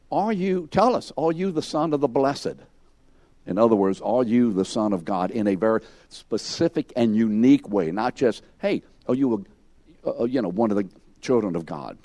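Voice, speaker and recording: A man's voice: lowish voice, dark tone, dry recording. A man teaching a Bible lesson to a class, questioning students by name and acting out the scene with emphasis. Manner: emphatic, acts out scenes in second person.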